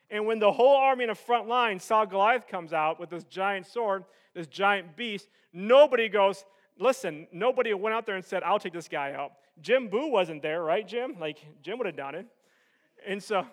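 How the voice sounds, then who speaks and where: A man with a high voice preaching a sermon. He tells the story with lively energy and acts out each quote. His delivery swings from loud bursts to hushed passages. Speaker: pastor.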